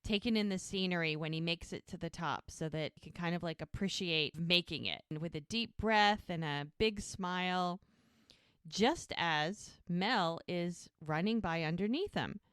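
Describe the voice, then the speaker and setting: Woman, podcast co-host, low voice, chatty retelling, dry close sound. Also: normal speed, fairly bright tone, clean tone, dry recording. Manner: chatty scene-by-scene retelling, many fillers. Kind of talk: casual rewatch podcast chat.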